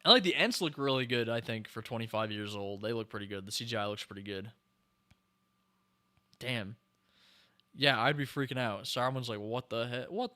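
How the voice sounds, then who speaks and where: A young man with a bright, forceful voice gives casual running commentary on a film he is watching. He is excitable and keeps exclaiming and talking back at the screen. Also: lowish voice. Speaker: podcast host. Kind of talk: casual movie reaction commentary.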